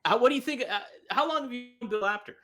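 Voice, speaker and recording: A man co-hosting a casual podcast, reacting with quick interjections and frequent laughter. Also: very high-pitched, pushed and bright. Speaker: podcast co-host. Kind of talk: casual chat.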